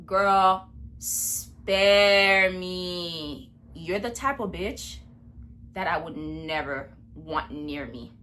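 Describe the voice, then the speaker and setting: A woman vlogger talking in a blunt, profane and animated rant, speaking indoors in a room at home. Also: sits low, takes it slowly, slight background noise. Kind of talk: casual commentary rant.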